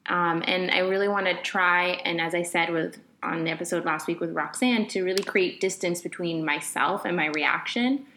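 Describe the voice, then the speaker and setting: A woman's voice: lowish voice, moderate pace, few pauses, pushed and bright, slight background noise. A young adult woman hosting a podcast, telling a personal story in a candid, conversational way with many fillers. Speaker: podcast host.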